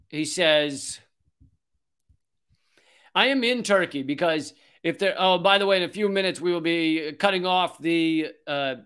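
A man's voice: on the high side, pushed and bright, clean tone. A man in his forties hosting a political commentary show, reading an article aloud and breaking off into sarcastic, profane rants.

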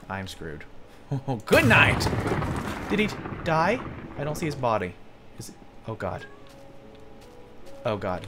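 A gaming commentator giving excitable let's play commentary, jumping from yelps to low mutters and laughing often.

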